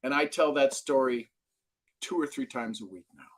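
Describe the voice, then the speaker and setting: Speaking at a moderate pace and medium pitch, a middle-aged man serves as the interview's expert guest. He's an animated, energetic storyteller who voices the dialogue in his anecdotes.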